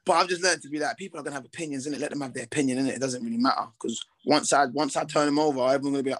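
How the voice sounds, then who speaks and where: A young man, a boxer talking casually in an interview, confident and relaxed, with slang and many restarts. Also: medium pitch, racing, few pauses. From Britain, with Ghanaian heritage.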